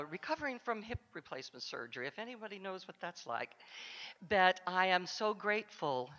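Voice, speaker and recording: A woman's voice: fairly low pitch, bright, forceful tone. Heartfelt woman giving an acceptance speech. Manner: heartfelt, speaks directly to the audience. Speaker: award recipient, counselor. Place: conference luncheon hall. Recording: dull sound in a large echoing hall.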